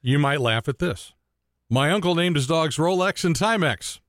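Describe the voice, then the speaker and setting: A man's voice: on the high side, lively intonation, normal speed, a bit bright, no echo, studio quality. A man hosting a Christian radio talk show, bantering and telling dad jokes. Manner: joking, playful banter. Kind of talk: casual chat with dad jokes.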